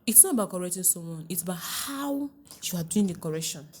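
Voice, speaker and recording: A middle-aged Nigerian woman, a relationship coach being interviewed on a podcast, talking in a lively way, often laughing and asking whether the listener understands. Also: on the low side, quick pace, breathy edge.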